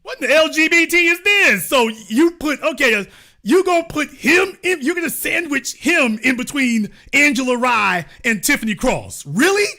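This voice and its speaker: A middle-aged man hosts an online show, offering sarcastic political commentary packed with mocking, theatrical rhetorical questions. His voice is extremely high and sharp in tone, animated, at a moderate pace.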